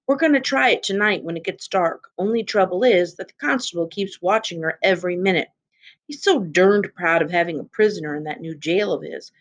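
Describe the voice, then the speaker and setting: Earnest rural teen boy, quick and urgent; woman narrator. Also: mid-range voice, close to an everyday voice. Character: hurried country teenage boy Jessie.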